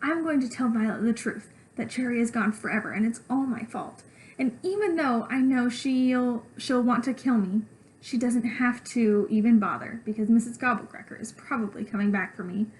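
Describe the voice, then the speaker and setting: Teacher lady reading a kids chapter book out loud, expressive, higher voice. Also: moderate pace, low-quality recording. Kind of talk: reading a children's book aloud.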